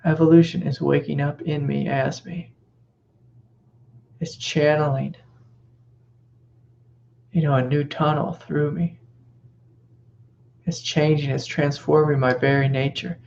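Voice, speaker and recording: Gentle gravelly man teaching spirituality. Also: fairly high pitch, flat delivery, a little slow, pauses often, highs cut off, slight background noise. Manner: gentle, reflective, with soft whispered reassurances. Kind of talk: satsang teaching talk.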